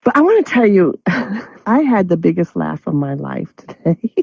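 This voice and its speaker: A woman's voice: on the low side, very animated, unhurried, vocal fry, mellow, husky, dry recording, poor audio. A woman hosting a show, telling a funny story in casual chat and laughing through her words. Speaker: show host. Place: studio.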